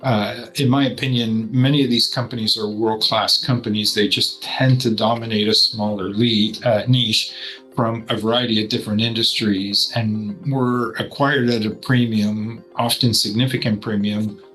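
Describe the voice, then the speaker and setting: Portfolio manager guy, lowish voice, pretty monotone, calm explainer with light music behind. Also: low-quality recording. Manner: measured, explanatory. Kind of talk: investment commentary to camera.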